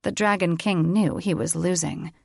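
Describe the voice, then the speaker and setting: A woman narrating an audiobook in a calm, even storytelling voice. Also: lowish voice, measured pace, gravelly, no echo, studio quality. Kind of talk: scripted narration.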